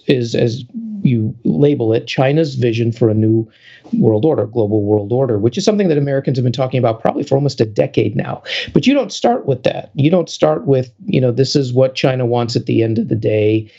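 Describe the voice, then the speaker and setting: Gravelly dark-voiced guy hosting a podcast, talks on with lots of restarts, dull lo-fi sound. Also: mid-range voice. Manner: talkative, halting restarts. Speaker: podcast co-host. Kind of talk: casual podcast chat.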